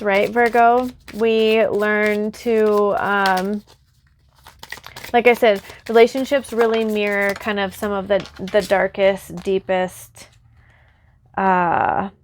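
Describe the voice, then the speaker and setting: A woman's voice: medium pitch, no room sound. A woman reading tarot cards for her viewers. She speaks earnestly and reassuringly, addressing the viewer directly, and is close to tears. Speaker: tarot reader.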